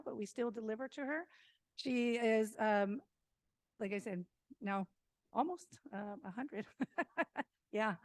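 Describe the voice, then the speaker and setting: A woman's voice: fairly high pitch, no echo. A woman giving a talk to a community meeting, telling a story with frequent fillers and light laughs. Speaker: senior meal program presenter.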